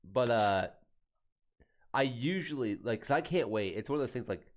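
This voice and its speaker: A man co-hosting a casual podcast chat, talking in a laid-back way that drops quiet at the ends of phrases. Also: medium pitch, expressive, moderate pace, over a noisy crowd. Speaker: podcast co-host.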